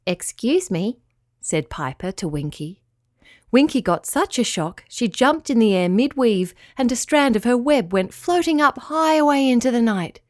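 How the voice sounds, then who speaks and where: A woman reading a children's bedtime story aloud in a soft, slow, soothing way. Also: medium pitch, dry recording, clean studio sound.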